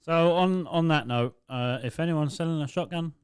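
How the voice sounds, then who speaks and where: A man's voice: fairly high pitch, normal speed, smooth, no room sound. A young man with an Essex accent co-hosting a podcast, talking in a blunt, offhand way with plenty of swearing. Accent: Essex English. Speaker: podcast co-host. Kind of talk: casual chat.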